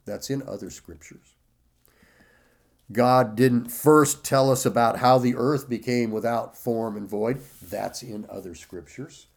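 Slow, emphatic male preacher. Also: mid-range voice, a little mellow. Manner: slow, emphatic, repeats key phrases. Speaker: pastor. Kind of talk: sermon.

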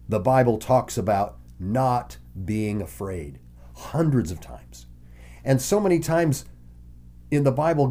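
Mellow-voiced man teaching a sermon. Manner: reads scripture then explains it conversationally; animated, voices the characters with sudden pitch jumps. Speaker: preacher.

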